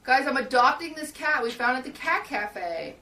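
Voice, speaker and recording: A woman's voice: sits high, moderate pace. Young woman rambling through a story in a roomy shed. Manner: rambling, filler-heavy, animated retelling. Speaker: streamer. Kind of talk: casual storytelling chat. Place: small hot shed used as a podcast studio. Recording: roomy, distant mic.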